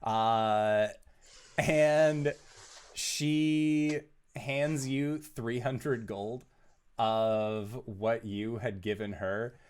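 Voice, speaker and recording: A man narrating a tabletop role-playing game as game master, in a measured, descriptive way. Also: mid-range voice, steady tone, a little mellow, smooth.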